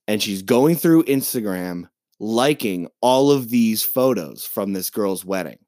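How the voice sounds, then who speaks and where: A man co-hosting a podcast, ranting in a casual, profane and animated way as he retells a movie plot. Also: fairly low pitch, measured pace, no echo, clean studio sound. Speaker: podcast co-host. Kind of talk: casual chat.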